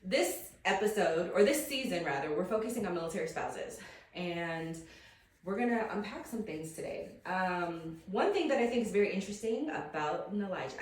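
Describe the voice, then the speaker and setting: A woman's voice: on the low side, lively intonation, moderate pace. A woman hosting a podcast, chatting casually and bubbly, laughing often and repeating words. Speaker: podcast host. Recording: echoey room, distant from mic.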